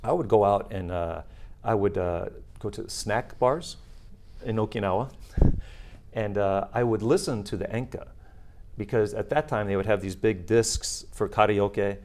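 A man's voice: lowish voice, measured pace, darkish tone, a little hiss or hum. A middle-aged man, a retired Marine, talking casually in an interview with many fillers and restarts.

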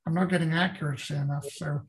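A man's voice: on the high side, fairly even intonation, fast. An older man with a British accent, an author chatting casually in an interview, rambling and often restarting his sentences. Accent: British English. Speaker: author, guest.

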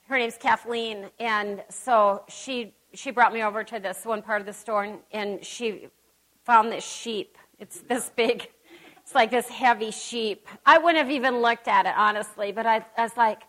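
High, bright-voiced woman preaching. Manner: emphatic, folksy, chatty asides. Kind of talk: conversational sermon. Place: church service.

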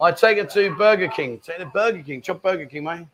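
A man's voice: sits high, racing, a bit bright, slight background noise. A man hosting a casual live chat show from a bar lounge, joking and bantering with the staff. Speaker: host.

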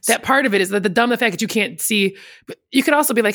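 A woman's voice: medium pitch, fairly quick, vocal fry, fairly bright tone, no room sound, studio quality. A woman in casual conversation, rambling and chatty, laughing often and slipping into quoted voices of other people. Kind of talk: casual chat.

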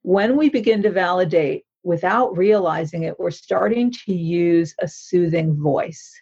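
A woman therapist and author explains a mindfulness practice in an interview, speaking earnestly and instructively and often checking in with the listener. Her voice is lowish, a little mellow and breathy, at a measured pace, with the highs cut off.

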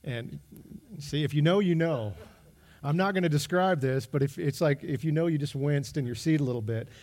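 A middle-aged man preaching a sermon in a conversational, animated way, acting out his own exclamations and asides. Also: fairly high pitch, moderate pace. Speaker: pastor.

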